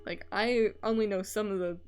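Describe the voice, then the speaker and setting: A woman with an Edinburgh-area Scottish accent talks loosely on a livestream while she draws, wandering through her points with plenty of "um" and "like" and the odd swear. Her pitch sits right in the middle for a woman. Soft music plays faintly behind her. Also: steady tone, normal speed. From Scotland. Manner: rambling, filler-heavy, swears casually. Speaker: streamer. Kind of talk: casual livestream chat while drawing.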